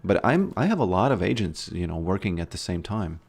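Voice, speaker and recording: A man's voice: deep voice, very animated, brisk, creaky, darkish tone, slightly rough. A man streaming a game and chatting casually with his viewers, laid-back and often trailing off mid-sentence. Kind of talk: casual livestream chat while gaming.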